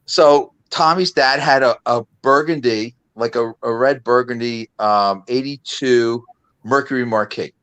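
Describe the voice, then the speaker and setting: A man's voice: medium pitch, unhurried, clean tone. A man in his fifties, a guest on a video call, telling stories in a casual, laughing chat. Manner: animated, laughing storyteller.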